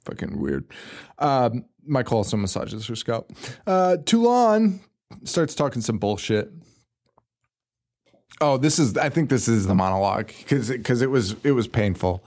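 A young man at an average pitch talks through a film scene by scene in loose podcast chat. He swears freely, trails off into tangents and briefly mimics the characters he describes. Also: sing-song, darkish tone. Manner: profane, rambling, retells scenes with quick put-on quotes. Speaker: podcast co-host. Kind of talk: casual movie recap chat.

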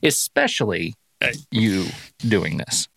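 A man's voice: on the low side, big pitch swings, takes it slowly, vocal fry, a bit bright, breathy edge. A man hosting a film podcast game, playful and teasing. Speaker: podcast host running a game. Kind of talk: casual chat.

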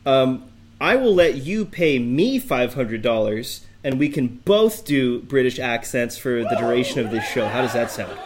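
A man's voice: medium pitch, animated, moderate pace. Joking male podcast host over noise. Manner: jokey, hesitant, many ums. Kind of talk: casual podcast chat.

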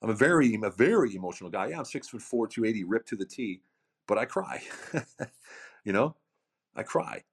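A man's voice: lowish voice, expressive, fairly quick, vocal fry, pauses often, breathy edge. A middle-aged man giving emphatic motivational podcast talk, full of repetition and rhetorical questions. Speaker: founder of a coaching program, podcast guest.

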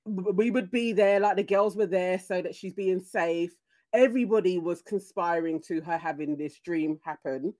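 A woman's voice: on the low side, moderate pace, mellow. A British woman hosting a panel chat, giving earnest, encouraging advice.

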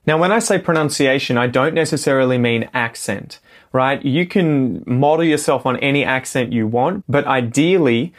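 Australian man explaining clearly. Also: mid-range voice. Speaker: podcast co-host and English teacher. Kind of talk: podcast lesson talk.

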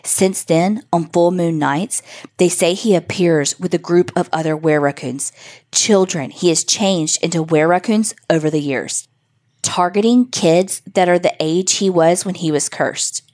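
A woman's voice: lowish voice, a little slow, a little mellow, natural voice. A woman voicing a teasing older sister who spins a spooky legend to frighten her little sister. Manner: teasing, mock-ominous.

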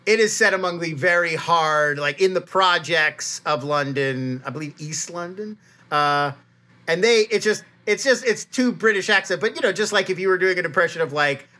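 A man co-hosting a podcast, explaining at length in an animated, rambling way full of restarts. His voice is bright and ringing, and he talks casually. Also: on the high side. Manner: fast, animated, many restarts. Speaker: podcast co-host. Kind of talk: casual chat.

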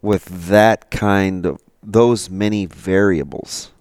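A low-voiced man co-hosting a sports radio show, lively and quick to jump in. He reads passages aloud and trips over his words, and the sound is dry and close to the mic. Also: clear, resonant tone, no echo. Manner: animated, reads quotes aloud, stumbles and repeats. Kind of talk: casual sports talk.

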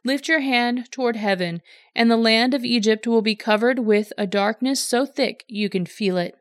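A woman's voice: on the high side, normal speed, dry recording, close to an everyday voice. Brief: solemn commanding male deity, voiced by a woman reader, plain and dry.

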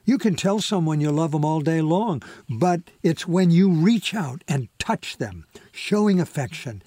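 A man voicing a calm, earnest father in a read-aloud story, with a husky voice. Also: a little high, a little slow, no echo, clean studio sound. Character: stern but calm adult father.

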